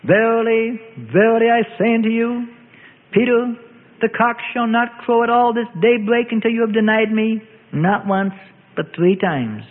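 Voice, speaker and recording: A man's voice: extremely high pitch, big-room sound, narrow, tinny audio, pitched above the performer's own voice. Jesus, a grave, compassionate teacher, as a man voices him. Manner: grave, measured and archaic. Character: solemn, compassionate teacher Jesus foretelling fate.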